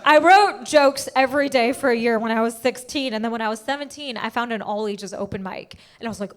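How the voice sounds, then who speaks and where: A woman comedian telling a story on stage in an animated way, with big leaps in pitch on the punchlines. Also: fairly quick, hardly any pauses. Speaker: stand-up comedian. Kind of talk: stand-up comedy set.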